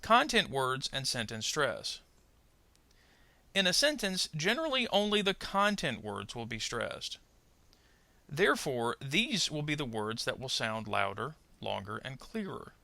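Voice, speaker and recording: A man teaching pronunciation in a scripted lesson, his voice very bright and a little gravelly. He lays out each point slowly and clearly, and the pitch rises and falls widely as he leans on the stressed words. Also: sing-song, dry recording. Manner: slow, deliberate, over-articulated model sentences for learners to repeat. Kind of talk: scripted instructional narration.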